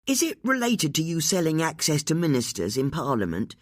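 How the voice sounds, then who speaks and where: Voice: medium pitch, wildly swooping pitch, a little fast, no room sound, studio quality, pitched above the performer's own voice. The audiobook narrator voicing a blunt woman who presses hard with her questions.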